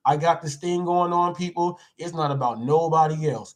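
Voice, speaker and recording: A man hosting a live show, reading viewer comments aloud and chatting in a playful, repetitive, animated way. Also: fairly high pitch, moderate pace, few pauses. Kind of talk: casual live-stream chat.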